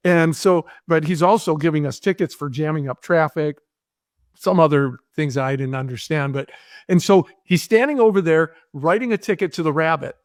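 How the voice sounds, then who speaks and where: A man in a podcast interview telling a long anecdote with animated energy, acting out the voices of people he quotes. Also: a little high, moderate pace, no room sound, studio quality. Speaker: guest, filmmaker.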